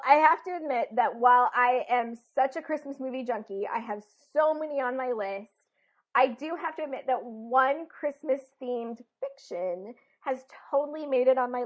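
A woman co-hosting a casual chat, talking in an enthusiastic, gushing way. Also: a little high. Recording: dull lo-fi audio.

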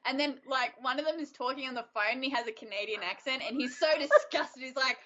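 A woman co-hosting a casual chat, retelling a story in an animated way with frequent giggles. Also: high-pitched, fast. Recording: dull lo-fi audio.

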